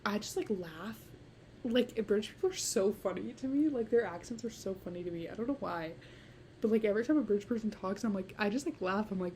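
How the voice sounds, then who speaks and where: A teenage girl talks to her listeners in a loose, rambling solo podcast, filling her sentences with "like" and breaking into giggles. Her voice sits at a middle pitch with a soft, mellow tone. A faint hiss runs underneath. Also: lively intonation, fairly quick. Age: late teens. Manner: rambling, heavy use of "like", giggly. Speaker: podcast host. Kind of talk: casual solo podcast chat.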